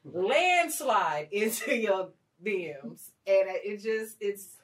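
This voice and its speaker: A woman co-hosting a podcast in casual chat, playful and quick to laugh, with chatty asides. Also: mid-range voice, sing-song, far from the mic. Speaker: podcast co-host.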